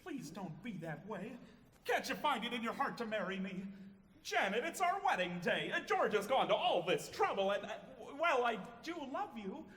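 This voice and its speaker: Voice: medium pitch, sing-song, normal speed, fairly bright tone. An actor playing a lovesick, bumbling groom. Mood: pleading. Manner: pleading, earnest, bumbling. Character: earnest, lovesick young groom. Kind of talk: live stage musical. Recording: echoey theater hall from afar.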